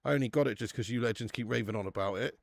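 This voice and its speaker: A man's voice: mid-range voice, very fast, vocal fry, no echo, studio quality. A young British man hosting a live football watch-along, chatting casually, swearing and reading out viewer comments. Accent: British English. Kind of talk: casual live-stream chat.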